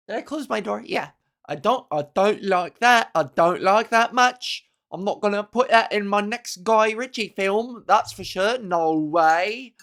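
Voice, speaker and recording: A woman's voice: medium pitch, animated, moderate pace, fairly bright tone. A young woman comedian hosting her own podcast, rambling through a giggly solo monologue. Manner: rambling, giggly, breaks into silly voices.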